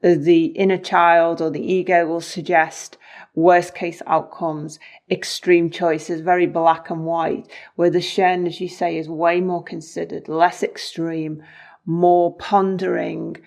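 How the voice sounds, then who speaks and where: Low-pitched woman co-host asking questions. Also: level tone, takes it slowly, darkish tone. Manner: thoughtful, poses questions on behalf of listeners. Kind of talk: interview conversation.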